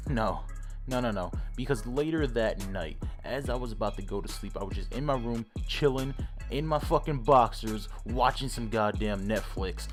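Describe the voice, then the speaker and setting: A young man hosting a casual storytime vlog, cursing freely in drawn-out bro talk. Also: on the low side. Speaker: channel host.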